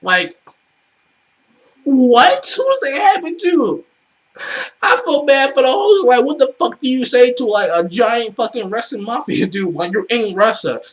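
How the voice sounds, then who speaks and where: A man hosting a reaction video, talking excitably in a casual, swearing, filler-heavy way. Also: very high-pitched, unhurried.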